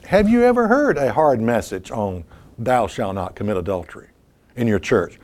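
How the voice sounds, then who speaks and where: Delivering an emphatic sermon, a man poses rhetorical questions and swings between loud and hushed delivery. His voice is medium in pitch.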